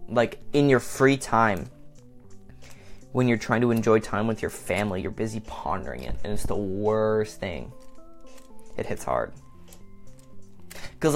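A man talking on his own in a casual vlog, rambling between topics, swearing, and often saying "like.". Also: fairly low pitch. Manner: rambling and self-mocking, swearing, frequent "like". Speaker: vlogger. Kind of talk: casual solo monologue.

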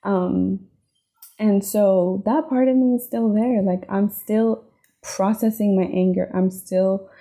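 Warm, gravelly-voiced woman podcaster. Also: medium pitch, fairly even intonation, slow. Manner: earnest, heartfelt, frequent "right?" and "like". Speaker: podcast host. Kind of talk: reflective personal podcast monologue.

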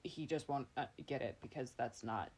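A young woman hosting a podcast, chatting casually, giggling and animated. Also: very deep voice, moderate pace, husky. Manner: giggly, animated, slips into voices. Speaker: podcast host. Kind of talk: casual chat.

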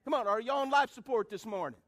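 A middle-aged man preaching a sermon, calling out to the congregation and swinging between loud appeals and hushed lines. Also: extremely high pitch, fast talker. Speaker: pastor.

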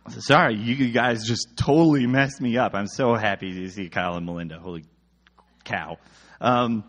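A young man preaching casually, retelling a Bible story in slangy, animated speech and jumping into quoted voices. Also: mid-range voice.

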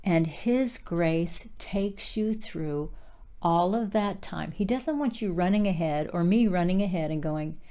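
Earnest woman with a low, mellow voice. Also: a little slow. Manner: earnest, conversational, addresses listeners directly. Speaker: Bible teacher. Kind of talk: casual devotional teaching.

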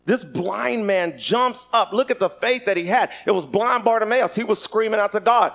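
High-voiced animated male preacher. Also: moderate pace. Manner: animated, shouting at peaks, laughing. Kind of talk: sermon.

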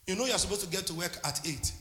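A man's voice: high voice, very fast, pushed and bright, echoey room, in a large hall. A man preaching a sermon as a pastor, impassioned and calling out to his congregation.

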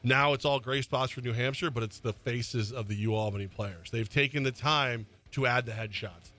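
A male co-host on sports talk radio with a bright, forceful voice. He mixes dry jokes with his game analysis. Faint music plays under him. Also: mid-range voice, normal speed. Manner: wry, joking banter.

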